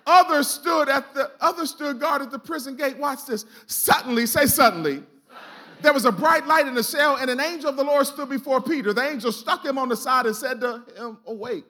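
A man's voice: very high voice, brisk, bright, forceful tone. A man preaching a sermon in a church, exhorting the congregation with call-and-response and casual, colloquial asides. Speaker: pastor. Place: church sanctuary.

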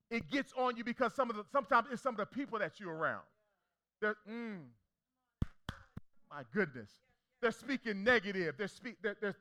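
A man's voice: sits high, pushed and bright. A young man preaching a sermon as pastor, with emphatic repetition and call-and-response questions to the congregation.

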